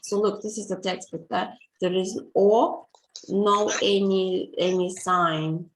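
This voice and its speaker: Russian-accented woman teacher on a video call, unhurried, patient, faint background hiss. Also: medium pitch, steady tone, poor audio. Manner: slow, patient, hesitant with many fillers. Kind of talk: online language lesson.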